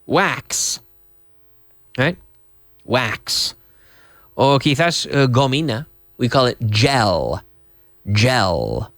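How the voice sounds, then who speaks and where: Male English teacher from Canada, TV lesson, highly expressive pitch, dry booth. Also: extremely slow, long pauses, dry recording. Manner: lively, spells words out, mixes in Spanish.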